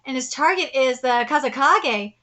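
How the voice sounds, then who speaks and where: Woman reading a chill, tired ninja guy from a manga, calm and measured, bright voice pitched down a bit.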